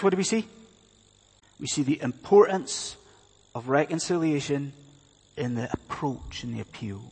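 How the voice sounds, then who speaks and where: Emphatic husky male preacher in reverberant hall. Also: mid-range voice. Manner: emphatic, full of rhetorical questions to the congregation. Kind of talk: sermon. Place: church hall.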